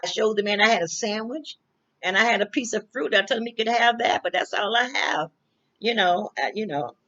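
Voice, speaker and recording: A woman's voice: medium pitch, fairly quick, pushed and bright. An older woman casually telling a personal story. She rambles, restarts often and repeats her phrases. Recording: dull lo-fi recording.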